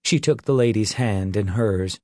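A man narrating an audiobook in a slow, measured storytelling voice. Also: medium pitch, darkish tone, dry recording, studio quality.

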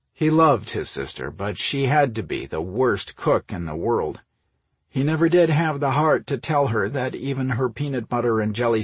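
A man reading a novel aloud in a steady, measured storytelling voice. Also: medium pitch, slightly rough, dry recording. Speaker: audiobook narrator. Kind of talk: scripted narration.

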